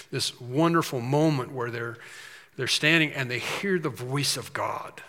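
Guy preaching a bible passage, bright ringing voice, big echoey church hall, lots of quick asides n restarts. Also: mid-range voice. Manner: reads scripture with rising emphasis, explains with quick asides and restarts. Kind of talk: expository sermon, reading scripture aloud.

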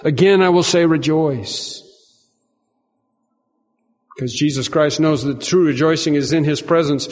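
Man, pastor preaching, earnest, repeats phrases, slightly high voice, long hall reverb. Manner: earnest, repeats phrases, rises in pitch and volume for emphasis. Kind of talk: sermon.

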